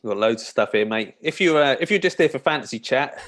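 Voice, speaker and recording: A man's voice: mid-range voice, expressive, quick pace, a bit bright. Wry, grumbling man on a podcast. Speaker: podcast co-host. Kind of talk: casual podcast chat.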